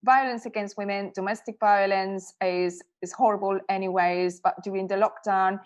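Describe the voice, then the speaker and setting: A woman hosting an online exhibition event on a video call, speaking hesitantly with many pauses and ums. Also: mid-range voice, steady tone. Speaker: exhibition host.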